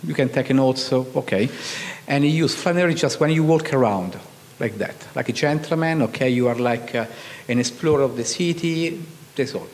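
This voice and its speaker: A middle-aged Italian man with an Italian accent, giving an informal artist talk to an audience. He speaks haltingly, restarts often and keeps asking "okay?". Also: mid-range voice, darkish tone. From Italy. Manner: halting, full of restarts and repeated "okay?" checks. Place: lecture hall. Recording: distant hall reverb with faint background noise.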